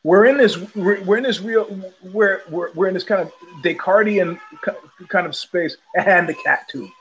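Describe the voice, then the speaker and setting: A man's voice: high voice, moderate pace, fairly bright tone, breathy edge, rough recording. A man hosting a podcast, telling a casual rambling story with many restarts and repetitions. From United States. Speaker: podcast host.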